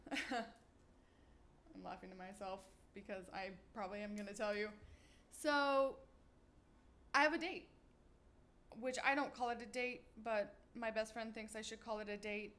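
A woman's voice: a little high, fairly bright tone. A young woman hosting her own podcast, chatting casually while walking around her kitchen, swearing freely and acting out what she and others said. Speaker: podcast host. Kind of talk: casual solo podcast chat.

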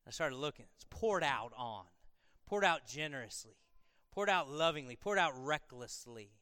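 A man's voice: on the high side, animated, normal speed, sharp tone, clean tone, no room sound, studio quality, in a large hall. A man preaching a conversational sermon to a congregation, moving from casual asides to emphatic, repeated lines. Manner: conversational, building to emphatic repetition. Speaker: pastor.

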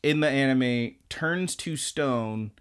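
A man's voice: mid-range voice, slow, clear, resonant tone. A man co-hosting a podcast, casually recapping an anime in a loose, rambling way with crude asides. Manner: rambling, loose retelling full of "blah, blah, blah" and crude jokes. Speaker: podcast co-host.

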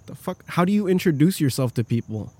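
A man's voice: fairly high pitch, lively intonation, fast, a little mellow, slightly rough, no room sound. A man voicing a rude, arrogant young male rock singer who snarls hostile, profane questions. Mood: snarling.

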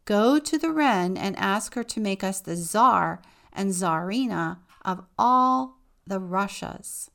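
A greedy, demanding pair of peasant parents, as a woman reader puts them on, barking orders in a loud, commanding tone. The voice sits low and gravelly, and the lines come slowly.

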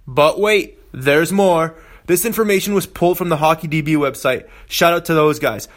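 A man's voice: on the high side, moderate pace. A man in his thirties, a podcast host reading a playful, jokey introduction. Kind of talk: scripted introduction.

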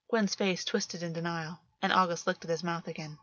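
A woman reading a story aloud in steady, measured narration. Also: fairly low pitch, no room sound, dull audio. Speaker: reader. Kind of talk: scripted narration.

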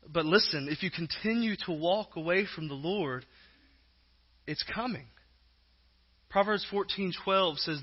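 A male pastor preaching an emphatic sermon, his voice rising loud and then dropping to a hush. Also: on the high side, dull audio. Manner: emphatic preaching, swinging between loud and hushed.

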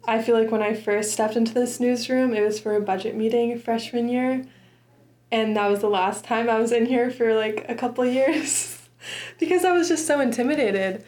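A woman's voice: on the high side, darkish tone. A young woman in her twenties, a student podcaster, talking earnestly and casually with many likes and ums. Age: 20s. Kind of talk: casual interview.

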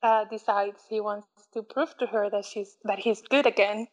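A woman's voice: mid-range voice, moderate pace, lo-fi sound. A young woman chatting casually as a podcast co-host, retelling a movie scene by scene, acting out the lines and laughing often. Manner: animated storyteller who acts out quotes, laughs often. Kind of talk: casual chat recapping a movie.

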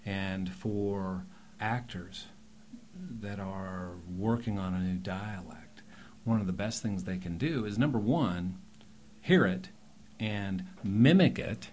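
A man, a dialect and coach explaining his craft in a relaxed way with joking asides. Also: sits low, takes it slowly, slight background noise. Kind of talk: casual interview talk.

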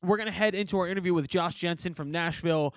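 A man's voice: sits high, no echo, studio quality. A man hosting a podcast in a loose, joking chat, reading a sponsor spot and introducing a guest. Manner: fast, loose and jokey, says he can't do a British accent. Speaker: podcast host.

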